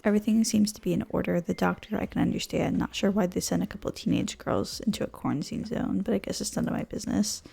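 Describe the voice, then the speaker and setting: A woman's voice: medium pitch, gravelly, warm tone, husky. A woman reading the lines of a stern roadblock guard in a game.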